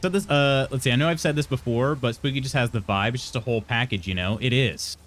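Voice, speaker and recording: A man in his thirties with heavy vocal fry, casually chatting with his live-stream audience, laughing often and restarting his sentences. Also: mid-range voice, fast, fairly bright tone, slight background noise. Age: 30s. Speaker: streamer reading chat.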